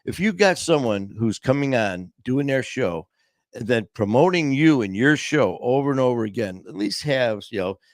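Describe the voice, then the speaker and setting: A man's voice: mid-range voice, animated, moderate pace, no echo, clean studio sound. A man hosting a podcast and telling a story casually, rambling with many "you know"s and acting out the quoted dialogue. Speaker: podcast host.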